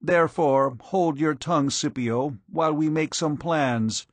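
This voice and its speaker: Male reader as bland ironic old sage, slow, dry. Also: a little high, dry recording, pitched above the performer's own voice. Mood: mournful.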